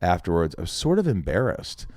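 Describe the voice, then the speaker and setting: A man's voice: deep voice, brisk, no echo, studio quality. A man on a podcast, telling a story in a casual chat and acting out the other people's lines. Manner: animated storyteller, acts out quoted voices, swears casually. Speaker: podcast guest, actor.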